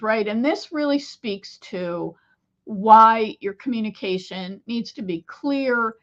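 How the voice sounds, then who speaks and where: A woman business coach talking to camera, telling a client story with animated, lively asides. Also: fairly high pitch, lo-fi sound. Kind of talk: solo talk to camera.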